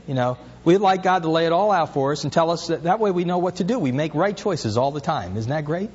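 A man's voice: fairly high pitch, lively intonation, brisk, few pauses, a little mellow, slightly rough, long reverb tail, muffled recording. A pastor preaching an earnest sermon, his voice rising as he asks questions.

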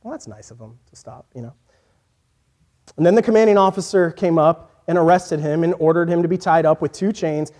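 A man preaching a sermon in an earnest voice that moves from quiet, reflective passages to emphatic points. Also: fairly high pitch, a little fast. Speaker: pastor.

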